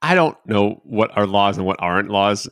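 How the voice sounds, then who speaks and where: A man's voice: on the low side, animated, fairly bright tone, dry recording, studio quality. A man co-hosting a casual podcast, playful and repeating himself as he thinks aloud. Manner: quick, playful, repeats words while thinking. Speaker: podcast co-host.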